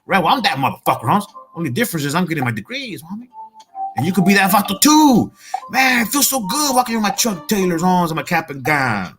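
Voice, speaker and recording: A middle-aged motivational speaker from Salinas, California delivers a fired-up, profane monologue, streetwise and repeatedly calling the listener "homie" and "Holmes." His high voice is sing-song and fairly bright, moving at a quick pace over faint background music.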